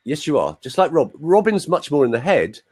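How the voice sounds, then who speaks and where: Husky, lively male voice coach. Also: on the high side, a little fast. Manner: explanatory, demonstrates sounds, jokey asides. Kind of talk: teaching on a group call.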